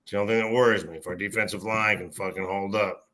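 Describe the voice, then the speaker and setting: Man, podcast co-host, low-pitched, bright edge, blunt, swears a lot. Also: fairly even intonation, fast. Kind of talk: casual chat over beers.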